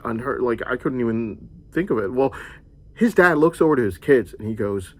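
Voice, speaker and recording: A man's voice: medium pitch, animated, moderate pace. A young man from the United States telling a rambling personal monologue, wandering through his story and filling it with "like.". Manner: meandering storytelling, heavy use of "like".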